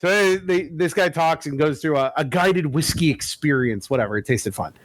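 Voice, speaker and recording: A man co-hosting a podcast, telling a story in casual chat, animated and full of swearing. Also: on the high side, moderate pace, no echo. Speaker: podcast co-host.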